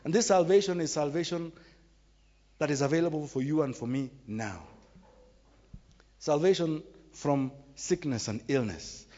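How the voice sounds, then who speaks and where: A man's voice: a little high, a little slow, long pauses, dark tone. A man preaching a sermon with emphatic, repetitive, exclamatory delivery. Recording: dull recording in a reverberant hall.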